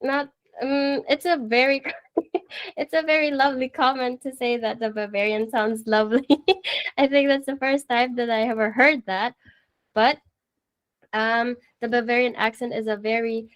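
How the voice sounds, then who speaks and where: A woman hosting a live radio talk show, cheerful and laughing often. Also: a little high.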